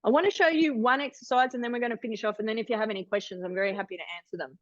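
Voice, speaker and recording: This woman, in her forties, races through her online wellness workshop talk in a fairly high voice, sounding chatty and encouraging with many restarts. It's captured on a video call, dry, with the highs cut off.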